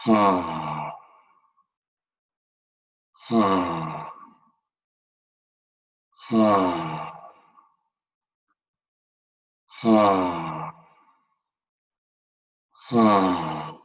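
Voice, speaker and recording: A man leading a guided meditation in an online webinar, giving slow, soothing instructions. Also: lowish voice, mellow, slightly rough, dull audio. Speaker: meditation teacher.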